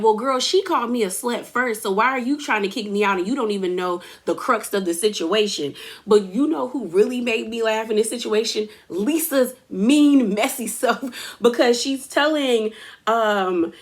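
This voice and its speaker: A woman recapping a reality TV episode in a gossipy, casual way, acting out quotes and laughing often. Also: on the high side.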